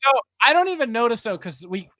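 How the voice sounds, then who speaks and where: There's no echo around this very high-voiced man, who talks fast as he hosts a podcast. Animated and quick to laugh, he narrates a story in casual conversation, voicing each of its characters.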